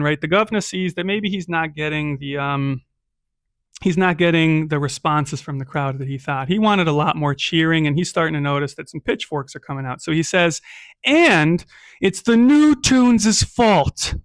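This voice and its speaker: A man running a solo tabletop game, narrating and rolling dice in a casual, chatty way. His voice sits fairly high for a man. The recording is dry and close, with no room sound. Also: a little fast, fairly bright tone, no echo. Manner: casual, with frequent "right?" and "um". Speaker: game master.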